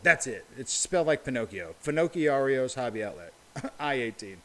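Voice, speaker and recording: A man's voice: medium pitch, animated, normal speed, fairly bright tone. A man hosting a casual livestream, calling out bingo numbers and viewer names in a chatty, upbeat way.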